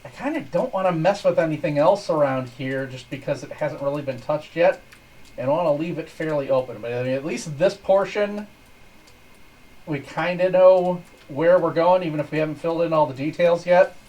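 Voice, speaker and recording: A man's voice: a little high, normal speed, a little mellow, recorded from a distance, dull audio. A man streaming, giving easygoing, rambling commentary over his game from his desk at home. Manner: easygoing, rambling with small restarts. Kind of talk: casual gameplay commentary. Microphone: desk microphone.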